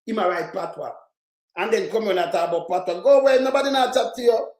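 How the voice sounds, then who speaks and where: A man with a Jamaican accent ranting in heated, crude, repetitive online commentary, shouting at times. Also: high-pitched, quick pace. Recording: roomy echo.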